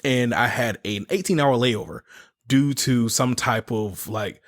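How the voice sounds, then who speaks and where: Laughing, cursing podcast host. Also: male voice, medium pitch, a little slow. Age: 30s. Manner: profane, laughs often between phrases. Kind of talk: casual storytelling chat.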